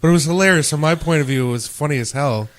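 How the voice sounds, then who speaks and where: A man's voice: fairly high pitch, quick pace. A man hosting a podcast, chatting casually and telling stories full of swearing and acted-out quotes. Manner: profane, animated storytelling with acted quotes. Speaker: podcast host.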